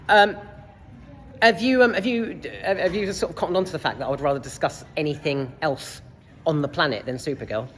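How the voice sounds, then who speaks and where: Sweary exasperated guy in cinema foyer. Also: a little high. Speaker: film reviewer. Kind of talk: casual vlog rant. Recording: reverberant foyer, faint background noise.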